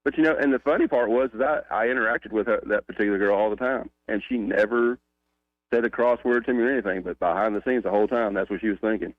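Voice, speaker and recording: A man's voice: fairly low pitch, fast talker, no room sound, phone-quality sound. A man with a Southern accent calling in to a radio talk show, telling stories and joking with a laugh. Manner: laughs often, joking storyteller. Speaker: caller. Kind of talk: casual radio call-in chat.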